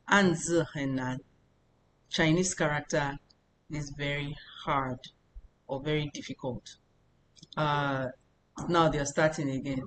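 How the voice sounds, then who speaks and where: A woman from Nigeria, teaching a language lesson as a tutor and repeating phrases slowly before explaining them step by step. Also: low-pitched, a little hiss or hum, rough recording.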